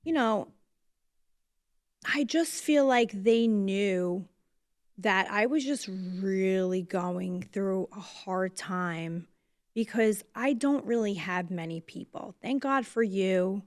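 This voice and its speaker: A woman's voice: medium pitch, slow, no room sound. A woman with a New Jersey accent talks on her podcast, holding back tears, frank and loose with her swearing. Her voice sinks at times to near whispers. The sound is dry and close. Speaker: podcast host. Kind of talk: emotional casual podcast talk.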